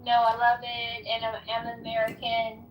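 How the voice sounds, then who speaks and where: A woman's voice: on the high side, monotone, normal speed. A woman teasing others with provocative questions in a group voice chat. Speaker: voice chat participant. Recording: distant echoey voice chat with faint noise.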